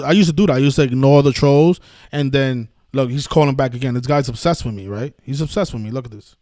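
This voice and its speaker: A man's voice: mid-range voice, a little mellow, no room sound, studio quality. A man hosting a live stream, ranting combatively at trolls, cursing and restarting his sentences. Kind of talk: heated live-stream rant.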